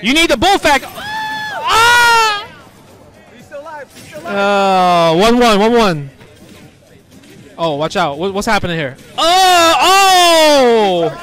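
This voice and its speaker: A high, bright man calls the action with excited, slangy hype and bursts of shouting. His pitch jumps around a lot, and he talks at an unhurried pace. Music and a faint crowd sit behind him. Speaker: host commentating pro players. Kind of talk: excited casual commentary.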